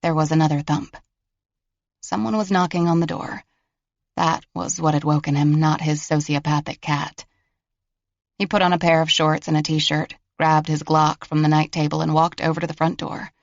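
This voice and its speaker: A man narrating a mystery thriller audiobook in a steady, even storytelling way. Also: a little high, creaky, no room sound, dull audio. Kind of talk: scripted narration.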